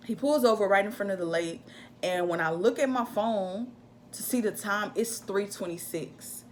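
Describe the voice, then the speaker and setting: A young woman casually telling a personal story to camera in an animated, chatty way. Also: mid-range voice, moderate pace, a little hiss or hum. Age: young adult. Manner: animated, chatty, acts out her own shouts in quotes. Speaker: vlogger telling a birth story.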